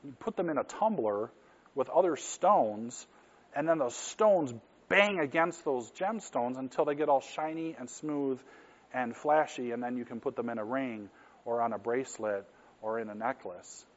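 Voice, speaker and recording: A middle-aged pastor preaching to his congregation in a plain, mid-pitched man's voice. He talks earnestly and conversationally, asking rhetorical questions. The recording sounds slightly dull and lo-fi. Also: normal speed. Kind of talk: sermon.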